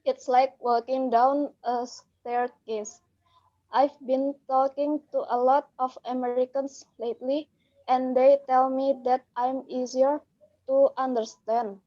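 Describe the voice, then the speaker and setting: A woman student reading a paragraph aloud in a halting, careful way. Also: high-pitched, little pitch movement. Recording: dull lo-fi audio.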